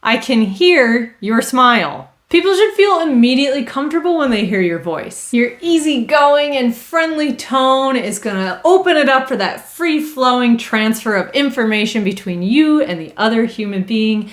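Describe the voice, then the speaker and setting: A woman's voice: sits high, lively intonation, normal speed, few pauses. Upbeat woman teaching phone etiquette. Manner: upbeat, emphatic, acts out sample phone lines. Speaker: customer service trainer. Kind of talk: instructional talk to camera.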